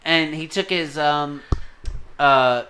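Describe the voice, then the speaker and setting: A man's voice: a little high, slow, bright, forceful tone, a little hiss or hum. A man co-hosting a podcast, recapping a film in casual chat, rambling and swearing a lot. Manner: profane, rambling, talks with his hands. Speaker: podcast co-host. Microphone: desk microphone.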